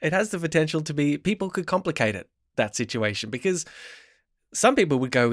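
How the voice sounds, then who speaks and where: A man's voice: on the high side, lively intonation, brisk. A man hosting a podcast interview, asking thoughtful questions and giving short affirmations. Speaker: podcast host.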